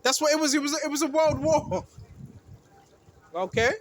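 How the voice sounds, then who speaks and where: A man with a very high voice preaches through scripture, firing rhetorical questions at his listeners. He keeps checking in with "right?" and climbs higher and louder when he hits a point hard. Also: moderate pace, slight background noise. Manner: rises in pitch and volume when emphatic. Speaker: street preacher. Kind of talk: bible teaching sermon.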